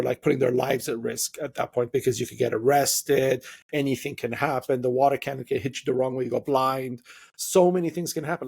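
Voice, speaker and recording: Husky-voiced opinionated male podcast host. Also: mid-range voice. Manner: animated, opinionated, mimics voices when quoting. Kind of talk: casual interview conversation.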